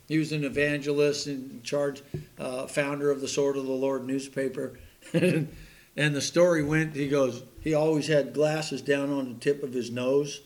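A man preaching a sermon in a folksy, joking way, laughing at his own puns and stories. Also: a little high.

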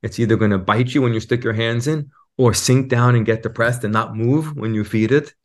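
A man speaking as a guest teacher in a reflective podcast conversation, an animated storyteller who acts out quotes in a raised voice. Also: mid-range voice, fairly quick.

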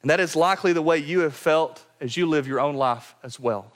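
A man preaching a sermon to his church, earnest and direct, often dropping to a quiet low voice to drive a point home. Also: a little fast. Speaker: pastor. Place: church sanctuary.

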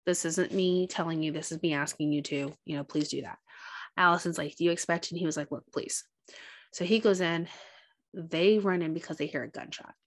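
Lively woman recapping a horror film. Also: low voice, fairly quick. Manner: animated retelling, acts out quotes. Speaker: podcast co-host. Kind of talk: casual movie recap.

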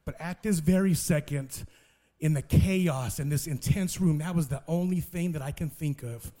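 A man with a notably high voice for a man delivers a sermon testimony. He tells it as a lively story, often repeating words as he restarts a thought. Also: moderate pace. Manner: lively storyteller who acts out other people's voices. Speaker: preacher sharing a testimony.

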